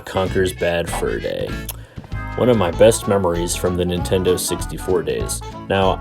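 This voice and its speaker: Deep-voiced guy doing a chill game review, kinda wry, music playing behind. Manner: relaxed and wry. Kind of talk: casual video review narration.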